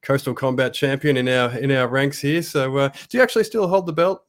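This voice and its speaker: A man hosting a casual fight-news podcast, talking in halting bursts with many restarts. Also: medium pitch. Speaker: podcast host.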